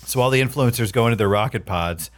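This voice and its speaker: A man in a casual comedy chat, playfully pitching jokes and laughing often. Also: fast talker. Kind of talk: improvised comedy brainstorm.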